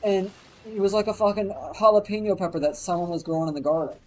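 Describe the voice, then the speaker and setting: Quick and high-pitched, a man tells a meandering anecdote on a stream over a rough recording with a little hiss or hum. He curses constantly and livens the tale with quoted voices, keeping it animated and profane.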